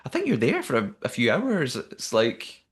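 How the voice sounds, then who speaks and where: A man co-hosting a podcast in casual chat, chatty and animated, with frequent restarts. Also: medium pitch, normal speed. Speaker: podcast co-host.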